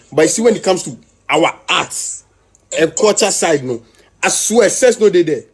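A man's voice: fairly high pitch, a little mellow, slightly rough. A man with a Ghanaian accent talking animatedly in a casual video chat, mixing pidgin and local words.

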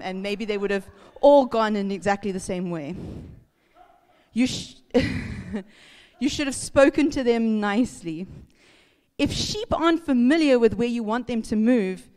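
Lady pastor telling a story, laughs a lot, clear smooth voice, echoey church. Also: medium pitch, a little mellow. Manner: chatty, laughing, acts out sounds and voices. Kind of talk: casual sermon storytelling. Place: church hall. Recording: reverberant church hall.

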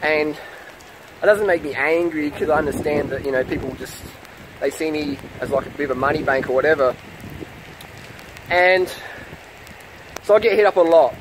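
A man's voice: a little high, moderate pace, long pauses, background noise. A man, ranting defensively to camera in a vlog, swearing and repeating himself in a heated way. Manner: profane, heated, repeating questions. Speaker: vlogger.

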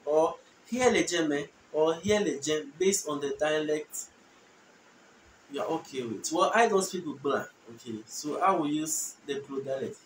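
A man giving a casual language lesson, repeating short phrases slowly so learners can follow. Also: on the high side. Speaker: language teacher. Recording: echoey room, distant mic, faint noise.

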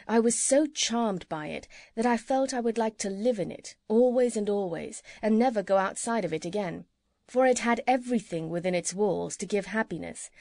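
A woman narrating a children's audiobook in a calm, measured storytelling manner. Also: mid-range voice, no echo, studio quality. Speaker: audiobook reader.

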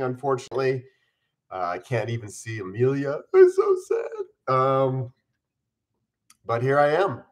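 A man in his forties hosting a casual live stream from home, chatting upbeat and eating on camera while mildly ill. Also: medium pitch.

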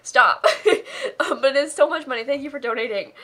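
A woman's voice: sits high, rapid-fire. A young woman streamer reading out donations and thanking viewers, tearful and laughing through tears, with gushing, affectionate thanks. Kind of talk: live charity stream.

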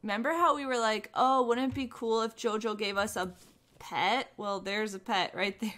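A woman's voice: mid-range voice, steady tone, normal speed, fairly bright tone. A young woman casually commenting on her gameplay, bubbly and gushing, full of "oh my gosh" and "like". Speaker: gaming YouTuber.

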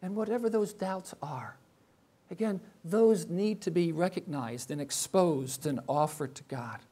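A man's voice: high voice, unhurried, mellow, breathy edge. An older man, a professor, giving a reflective sermon full of rhetorical questions. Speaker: professor and chapel speaker.

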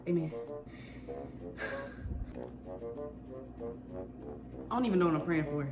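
A teenage girl talking casually to camera in a slangy, excitable, nervous ramble. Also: low-pitched, rapid-fire. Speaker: vlogger. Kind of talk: casual vlog chat to camera. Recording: echoey room with music behind. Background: music.

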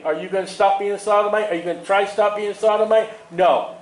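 Man, preacher, sermon, high voice, animated, echoey room. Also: quick pace. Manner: animated, chuckles at his own asides.

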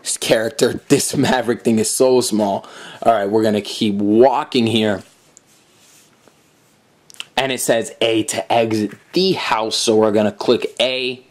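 A man's voice: fairly low pitch, steady tone, a little slow. A man giving casual commentary on a video game, reading the on-screen dialogue aloud as he plays. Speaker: gameplay commentator. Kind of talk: let's play commentary.

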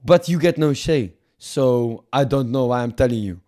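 A man's voice: mid-range voice, normal speed, dark tone, natural voice. A man putting on a haughty French investor. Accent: put-on French. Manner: haughty, bossy haggling. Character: pompous male French business investor.

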